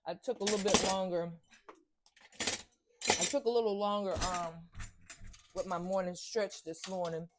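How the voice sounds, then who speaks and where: A woman's voice: mid-range voice, steady tone, measured pace, long pauses, background noise. An older woman, a grandmother, chatting casually through her morning chores at home. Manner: chatty, talks to herself while doing chores. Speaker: vlogger. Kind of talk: casual morning vlog narration. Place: home kitchen.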